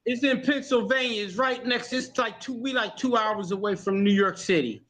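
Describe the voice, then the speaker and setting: A man joins a casual chat in an easygoing, agreeable way. His voice sits high for a man. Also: moderate pace, fairly bright tone.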